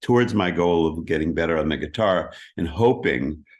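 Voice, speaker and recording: A middle-aged man in a casual interview, explaining practice in a lively way and often singing rhythms as "da da da". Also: very deep voice, moderate pace, lo-fi sound. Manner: animated, sings rhythms as "da da". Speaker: interview guest, keyboardist.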